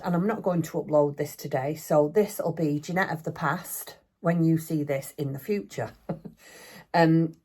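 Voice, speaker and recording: An older woman with a low, slightly mellow voice films a craft vlog in her home craft room. She chats casually and rambles a little, with a self-deprecating streak.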